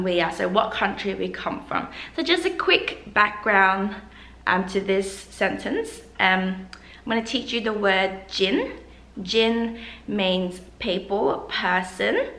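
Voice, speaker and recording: A woman's voice: medium pitch, vocal fry, a bit bright. A young woman gives a casual, upbeat video lesson, coaxing viewers to repeat phrases after her. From Australia. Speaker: language teacher vlogger. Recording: echoey room.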